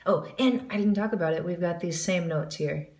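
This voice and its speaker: A woman's voice: on the low side, normal speed, a little mellow, echoey room. A woman giving a jazz singing lesson, explaining the music and counting in before she scat-sings the examples. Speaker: vocal jazz teacher.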